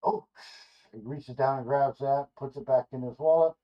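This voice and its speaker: A man reading a rough draft screenplay aloud in a loose, ad-libbing way, correcting himself with casual asides, in a dull lo-fi recording. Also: medium pitch, steady tone, normal speed. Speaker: screenplay reader.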